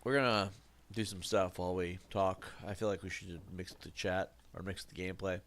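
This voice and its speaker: Male streamer, fairly low voice, stuffy nose, rambling and jokey. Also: steady tone, normal speed, fairly bright tone. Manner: reflective, rambling, jokey asides. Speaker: live streamer. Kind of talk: casual live-stream talk while gaming.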